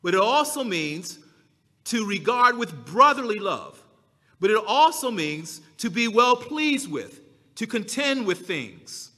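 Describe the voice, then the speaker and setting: A man preaching a sermon as pastor, slow and emphatic, drawing out his key words. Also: sits high, very animated, bright, forceful tone, in a large hall.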